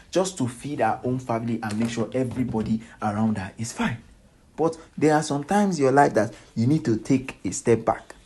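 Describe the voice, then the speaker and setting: A man's voice: medium pitch, mellow, breathy edge. A man delivering a solo gossip commentary, repeating himself for emphasis and asking rhetorical questions.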